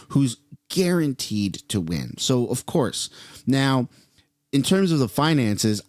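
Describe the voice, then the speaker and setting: A man's voice: mid-range voice, darkish tone, dry recording, clean studio sound. A man from Canada whose first language is French, giving blunt, profane reaction commentary in a casual, ranting way. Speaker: political commentator.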